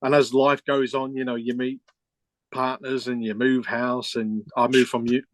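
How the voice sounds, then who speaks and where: A man's voice: mid-range voice, level tone, normal speed, no echo. A middle-aged man, a keyboard player, telling a rambling story with restarts and quoted dialogue in a casual interview.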